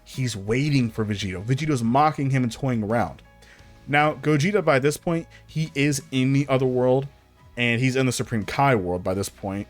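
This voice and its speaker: A man narrating a fan-made story in a casual, rambling, conversational way. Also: mid-range voice. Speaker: channel narrator.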